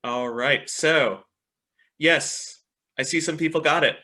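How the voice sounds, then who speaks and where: An upbeat man presenting a teacher webinar on a video call, with a bright, forceful voice. He keeps checking in with his listeners and praising their answers as he talks through a computer mic. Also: on the high side, slow. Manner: upbeat, repeats "excellent" and "right?" often. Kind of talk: online teacher training webinar.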